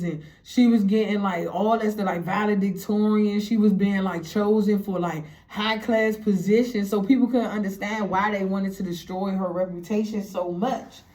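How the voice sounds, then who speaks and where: A woman recounts a story in a casual, animated way. She swears freely and acts out what others said. Her voice sits at a middle pitch. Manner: animated, profane, acts out quotes.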